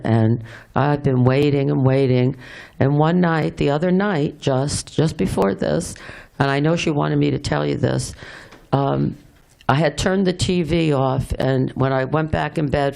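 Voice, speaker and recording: A middle-aged woman giving a heartfelt memorial speech for a friend, halting and tender, with many pauses and restarts. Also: sits low, vocal fry, a little mellow.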